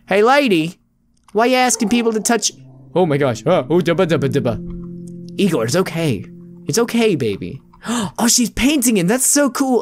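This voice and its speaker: A man hosting a let's play video, joking around and talking to viewers as friends while he plays. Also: sits high. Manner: playful, jokey, often addresses viewers as friends. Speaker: gaming video host.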